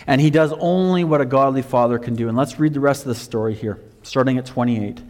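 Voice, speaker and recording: Man preaching in a reverberant hall. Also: fast talker. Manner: animated storytelling, rising loud for emphasis then dropping low. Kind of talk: sermon.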